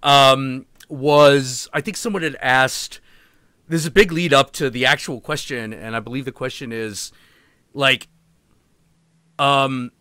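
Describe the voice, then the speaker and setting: A male show host asking questions in casual interview chat, slow and hesitant. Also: medium pitch, pushed and bright, clean tone, no room sound, studio quality.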